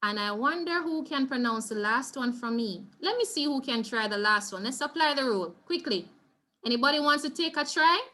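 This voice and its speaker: A Jamaican woman leads a Spanish revision class online. Her voice is bright and sits somewhat high, and she is patient, often pausing to ask students whether they follow. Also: animated. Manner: patient, repeats key points and checks in with students. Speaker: Spanish teacher.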